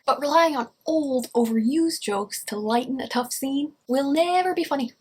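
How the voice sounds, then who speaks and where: Breathy chatty woman giving writing advice. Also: a little high, brisk, hardly any pauses. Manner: chatty and wry, with lots of fillers. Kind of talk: casual advice talk to camera.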